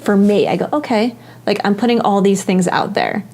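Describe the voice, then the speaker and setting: A woman's voice: medium pitch, lively intonation, normal speed, darkish tone. Female host, life coach, casual and chatty, filler-heavy delivery. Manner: chatty, agreeable, many "like"s and "you know"s. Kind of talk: casual chat.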